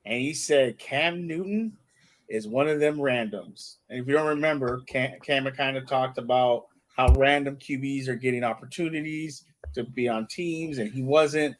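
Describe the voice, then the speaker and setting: A man hosting a casual sports podcast, laid-back and laughing often, with a slow drawn-out delivery. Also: mid-range voice. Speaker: podcast host.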